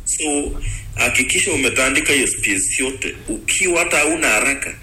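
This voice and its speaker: A man's voice: mid-range voice, expressive, fairly quick, bright, forceful tone, faint music behind, low-quality recording. A man talking casually, explaining things step by step and switching between languages mid-sentence. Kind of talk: casual advice talk.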